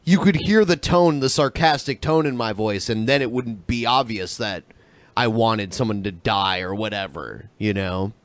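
A man's voice: fairly low pitch, moderate pace, dry recording. A man co-hosting a podcast, talking in a laid-back, sarcastic casual chat. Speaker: podcast co-host.

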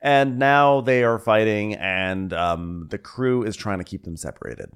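Co-host, man, lowish voice, casual rambling profane recap. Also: measured pace, clean tone. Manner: rambling, profane, self-correcting. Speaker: podcast co-host.

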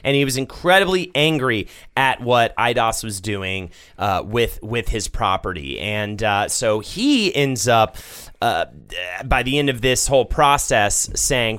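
Male podcast co-host, smooth and resonant, easygoing storyteller. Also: mid-range voice, lively intonation, unhurried, fairly bright tone. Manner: storytelling, hesitant with fillers, profane. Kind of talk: casual chat.

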